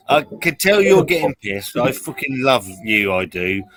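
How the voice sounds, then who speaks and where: A man hosting a casual live stream, bantering in a laid-back way and swearing. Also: mid-range voice. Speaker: host.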